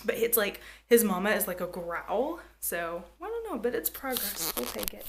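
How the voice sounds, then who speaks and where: A woman in her thirties chatting candidly to the camera at home, soft and rambling with lots of fillers, sometimes dropping to a near-whisper. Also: mid-range voice, very animated, normal speed, slight background noise. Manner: drops to a hushed near-whisper at times. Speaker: family vlogger, mother. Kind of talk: casual to-camera vlog chat. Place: home, indoors.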